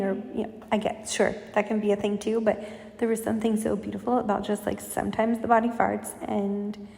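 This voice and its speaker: A woman giving a casual intuitive spiritual reading, talking in a soft, meandering way with many fillers. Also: medium pitch, flat delivery, quick pace, vocal fry. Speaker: spiritual channel reader. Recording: echoey room with long reverb.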